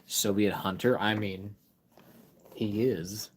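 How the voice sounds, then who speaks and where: A man's voice: fairly low pitch, takes it slowly, breathy edge. A man hosting a casual live stream, reading a product card aloud and chatting with viewers, full of fillers and restarts. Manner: chats directly with viewers in chat.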